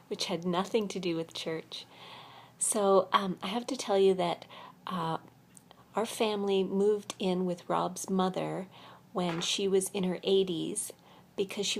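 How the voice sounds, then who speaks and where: An older woman telling her life story in a soft, half-whispered voice, a little weary, in a quiet room at a retreat center. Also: on the low side, gravelly. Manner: speaking softly, half-whispering to keep quiet. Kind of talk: personal storytelling vlog.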